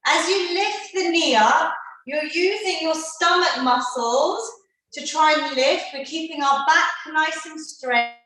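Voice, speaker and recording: A woman's voice: sits high, slow pace, sharp tone. A woman fitness instructor leading a live online seniors' workout class, encouraging everyone and counting down the reps. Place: indoor room, live video class. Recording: very echoey room, voice far from the mic.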